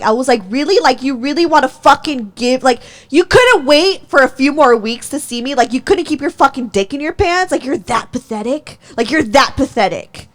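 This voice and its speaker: Young woman host, higher voice, heated, profane, laughs through her storytelling. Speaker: podcast host. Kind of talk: casual chat.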